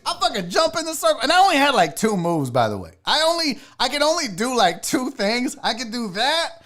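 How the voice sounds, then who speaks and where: A man in his forties hosting a podcast and telling a comedic story, animated and profane, swinging from loud bursts to low asides. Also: brisk, hardly any pauses. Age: 40s. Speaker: podcast host. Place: seated in a chair.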